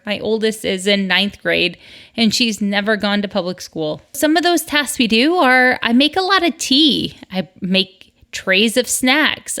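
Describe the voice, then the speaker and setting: Hosting her own podcast alone, a middle-aged woman from the northern US chats in an upbeat way and drops in asides. She speaks in a mid-range, slightly bright voice.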